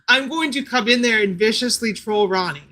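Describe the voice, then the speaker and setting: A woman's voice: on the high side, a little fast, bright, forceful tone. A woman guest on a casual interview stream, sarcastic and teasing, swearing freely.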